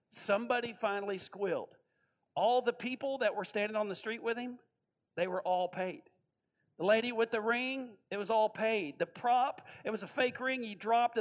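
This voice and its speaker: High-voiced man preaching casually. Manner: storytelling, conversational, asks the audience questions. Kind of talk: sermon.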